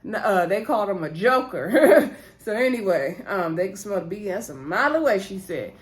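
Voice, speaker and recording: Woman, reality TV recap vlogger, mid-range voice; chatty, gossipy, loose with fillers and quick laughs. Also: medium pitch, sing-song. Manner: rambling with fillers and self-corrections. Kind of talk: casual episode recap.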